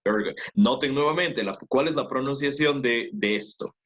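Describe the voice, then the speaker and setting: A man's voice: medium pitch, a little fast, fairly bright tone. Patient man teaching an online class. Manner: patient, explains step by step, checks with "¿ok?". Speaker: English teacher. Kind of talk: online class, mixing Spanish and English.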